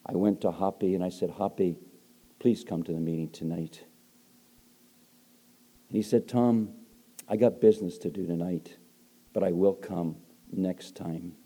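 Low, mellow older male preacher. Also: fairly even intonation, a little slow, long pauses. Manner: emphatic, swings between loud emphasis and soft hushed storytelling. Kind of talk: evangelistic sermon.

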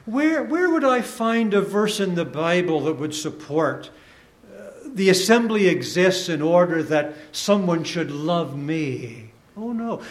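A Canadian man preaches a sermon in a fairly high voice, earnest and deliberate. He rises for emphasis and lets phrases drop softly at their ends.

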